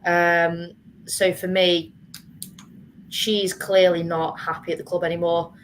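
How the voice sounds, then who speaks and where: A frank woman with a slightly low voice, giving firm opinions as a fan panelist. A faint hiss runs under the recording. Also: flat delivery, slow pace, poor audio. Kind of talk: casual chat.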